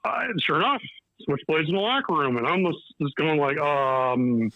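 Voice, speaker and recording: A man's voice: fairly high pitch, moderate pace, dry recording, narrow, tinny audio. A man telling old wrestling stories in casual chat, acting out quotes and laughing. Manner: animated, acts out quotes with laughter. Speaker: retired wrestler, podcast guest.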